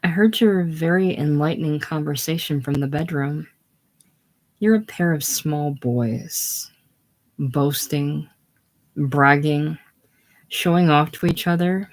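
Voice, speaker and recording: A reader voicing a hurt, dignified young bride who speaks in a cool, cutting way, in a casual play reading at a slow pace. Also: mid-range voice.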